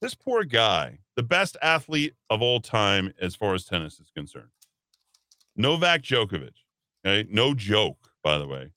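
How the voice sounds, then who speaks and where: A man's voice: on the low side, very animated, unhurried, pushed and bright, no echo, clean studio sound. A man hosting a talk radio show, ranting emphatically and sarcastically, at times putting on mocking voices. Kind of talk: opinionated talk radio monologue. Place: radio studio.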